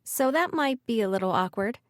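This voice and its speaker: A woman's voice: on the high side, lively intonation, brisk, no echo, clean studio sound, lightly acted. A woman voicing an earnest, easily flustered teenage girl of seventeen in an audiobook. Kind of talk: audiobook character voice.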